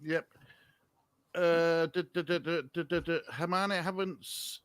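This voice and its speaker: A man's voice: a little high, steady tone, normal speed, fairly bright tone, clean tone, no echo. A man, co-hosting a casual live stream, chatty with viewers and flustered by the technology. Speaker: stream co-host.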